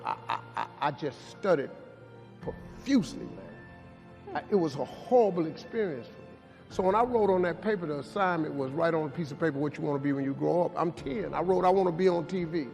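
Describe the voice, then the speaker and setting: A man's voice: on the high side, creaky, big-room sound. A man giving a preached motivational speech, rhythmic and repeating lines for emphasis. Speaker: motivational speaker.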